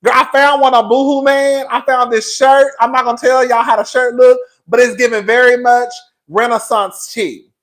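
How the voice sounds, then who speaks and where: A man's voice: very high voice, flat delivery, moderate pace. Vlog host, male; brash, profane, chatty storyteller. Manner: loud, sassy, profane, laughs a lot. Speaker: YouTube commentary host.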